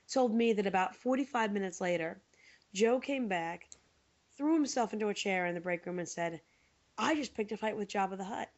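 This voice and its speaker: Rambling woman telling a store story. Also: medium pitch. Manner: rambling, animated storytelling with many fillers. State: tired. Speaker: podcast co-host. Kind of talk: casual storytelling chat. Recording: dull lo-fi podcast audio.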